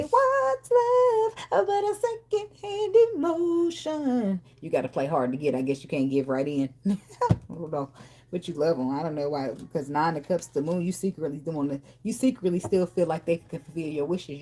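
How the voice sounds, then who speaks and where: Low-voiced, blunt woman tarot reader. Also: a little fast, mellow, husky. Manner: blunt, profane and talkative. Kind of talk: casual tarot reading.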